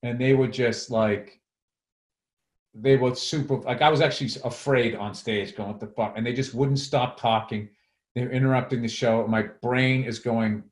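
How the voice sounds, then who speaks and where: A man's voice: medium pitch, normal speed. Man telling a story in an echoey room. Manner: profane, animated storytelling. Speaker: podcast co-host and comedian. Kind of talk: casual storytelling chat.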